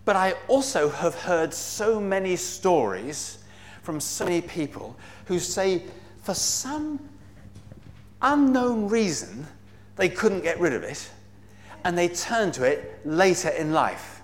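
A man speaks to a church gathering on behalf of a Bible society, earnest and eager. His voice sits a touch high and moves along with many small fillers and cries of praise. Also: expressive, a little slow. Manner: earnest, enthusiastic, with frequent fillers and exclamations of praise. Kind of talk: talk to a church congregation.

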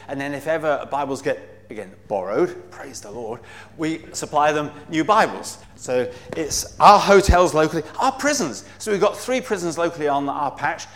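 A man speaks to a church gathering on behalf of a Bible society, earnest and eager. His voice sits a touch high and moves along with many small fillers and cries of praise. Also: a bit bright. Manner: earnest, enthusiastic, with frequent fillers and exclamations of praise. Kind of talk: talk to a church congregation.

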